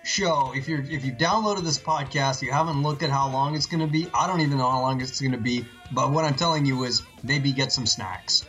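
A man's voice: mid-range voice, fairly quick, few pauses, bright, forceful tone, faint music behind. A man co-hosting a comedy podcast, joking with wry asides in casual banter. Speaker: podcast co-host.

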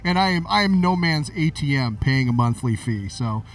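A man's voice: medium pitch, expressive, normal speed, far from the mic, faint music behind. A man co-hosting a podcast, chatty, wry and supportive in casual talk. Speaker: podcast co-host. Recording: voice set back from the mic.

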